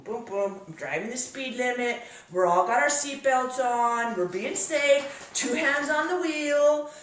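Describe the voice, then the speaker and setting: A woman giving a workshop talk to a live audience, telling a story in a lively, exclamatory way. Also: on the high side. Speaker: workshop speaker. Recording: echoey room, voice from far off.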